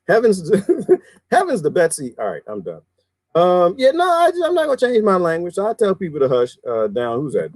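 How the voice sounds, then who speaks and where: A man's voice: medium pitch, a little mellow, no echo. A middle-aged man with a Southern US accent, chatting casually on a livestream and laughing often as he reads lists aloud. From American South. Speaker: livestream host.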